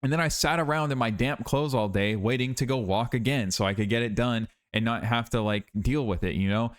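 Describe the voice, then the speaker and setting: A man's voice: medium pitch, brisk. A tired young man rambling in a casual vlog monologue, self-critical and repeating himself. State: tired, worn out. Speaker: YouTuber.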